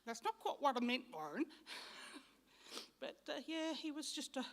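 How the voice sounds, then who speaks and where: A woman's voice: high voice, sing-song, normal speed. Fond Australian woman giving a chatty eulogy. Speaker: eulogy speaker. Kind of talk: funeral eulogy. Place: church.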